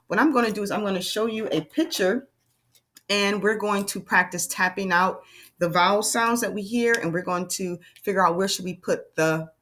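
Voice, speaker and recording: A woman teaching young children a phonics lesson, sounding out words slowly and patiently and praising them as she goes. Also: fairly low pitch, fairly bright tone. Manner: slow, patient, sounding out letters; encouraging, addresses kids as friends and butterflies. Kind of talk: early-grade phonics lesson.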